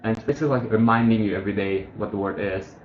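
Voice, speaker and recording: In a casual screen-share tutorial, a man explains a study app at a racing pace with a fairly low voice. He rambles, corrects himself and thinks aloud. The recording is muffled, set in an echoey room with a faint hiss.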